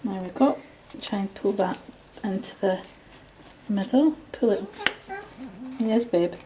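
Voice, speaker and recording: A Scottish woman gives a casual, homely walkthrough while she works in her kitchen. Her voice sits at an ordinary middle pitch. Pots and dishes clatter loudly around her. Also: slow, background noise. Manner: chatty, homely, talks while working. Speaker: home vlogger. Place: home kitchen.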